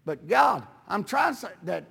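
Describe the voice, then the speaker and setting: High, gravelly older preacher. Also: male voice, very animated, moderate pace, big-room sound. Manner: folksy storytelling, peppered with amens, rising to shouts. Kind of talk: sermon with personal testimony. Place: church sanctuary.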